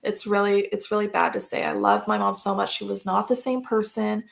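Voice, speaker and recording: A woman's voice: medium pitch, steady tone, a little fast, vocal fry. A woman, a podcast guest, telling personal stories in a casual, rambling way, full of fillers and restarts.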